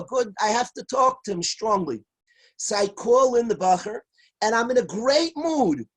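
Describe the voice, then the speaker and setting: A man giving an earnest, emphatic Torah lecture as a rabbi, repeating key phrases and at times raising his voice to a shout. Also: extremely high pitch, husky, low-quality recording. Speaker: rabbi teaching a class.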